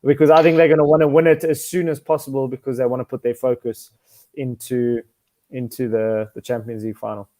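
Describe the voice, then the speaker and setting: A man on a football podcast giving casual predictions, relaxed and chatty. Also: mid-range voice, fairly quick. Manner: relaxed, uses bro and like.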